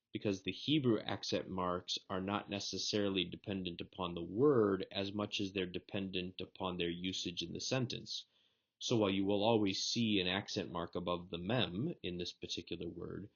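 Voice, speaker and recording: Low gravelly man teaching a lesson. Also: fairly bright tone, highs cut off. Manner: methodical, explanatory teaching. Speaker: Hebrew instructor. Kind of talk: recorded lecture.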